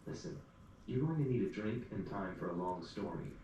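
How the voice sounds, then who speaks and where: A man's voice: on the low side, lively intonation, fairly quick, dark tone, natural voice. A man voicing a perky, teasing young barmaid in an echoey room. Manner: teasing, breezy. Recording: echoey room, distant mic, faint hum.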